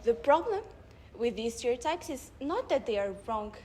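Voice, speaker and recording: A young woman delivering a public speech at a debate club event, building her points with rhetorical questions and measured emphasis. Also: a little high, big pitch swings, darkish tone, slight background noise. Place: live event before an audience.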